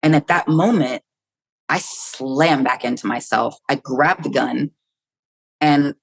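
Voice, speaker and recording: A woman's voice: extremely low pitch, slow pace, gravelly, breathy edge. A woman in her fifties from the United States, a podcast guest telling a personal story vividly and candidly, acting out her own thoughts and swearing freely.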